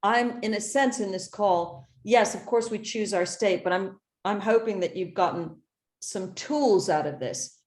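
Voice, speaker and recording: A woman's voice: medium pitch, measured pace, a little mellow, roomy sound. A woman coaching a group over a video call, explaining with examples and rhetorical questions. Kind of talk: casual coaching talk.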